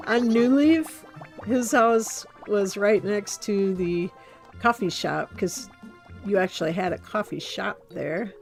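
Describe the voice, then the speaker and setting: A woman hosting a relaxed gameplay stream, chatting and telling rambling stories as she plays. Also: medium pitch, slow pace. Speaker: game streamer host. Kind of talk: casual gameplay commentary. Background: soft game music.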